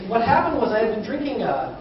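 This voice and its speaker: A man's voice: very high voice, wildly swooping pitch, fast, highs cut off, over a noisy crowd. A man doing a stand-up comedy set in front of a live audience, telling self-deprecating stories and acting out bits of dialogue. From North Idaho. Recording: distant roomy live recording, audience noise.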